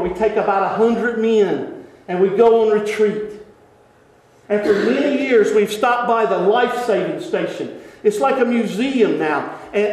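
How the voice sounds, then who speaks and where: A man preaching as a pastor, telling stories in an animated way, often laughing and dropping to hushed tones. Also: high voice. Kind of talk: sermon storytelling. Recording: echoey church hall.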